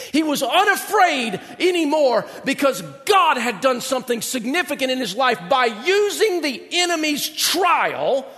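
A pastor preaching a sermon with an animated, dramatic delivery and joking asides. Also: male voice, very high-pitched. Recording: long hall reverb.

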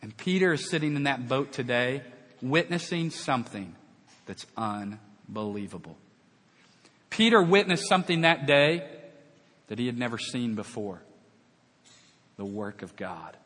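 A man's voice: mid-range voice, a bit bright, husky. A man preaching a sermon, telling a Bible story with dramatic acted-out dialogue. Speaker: pastor. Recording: long reverb of a large hall.

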